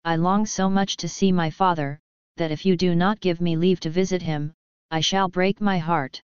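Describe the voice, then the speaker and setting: An earnest, tender-hearted young woman from a fairy tale, honest and firm, as a woman reader voices her. Her lowish voice is very clear, but the recording sounds dull and lo-fi. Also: steady tone, normal speed, no echo, lightly acted. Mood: pleading.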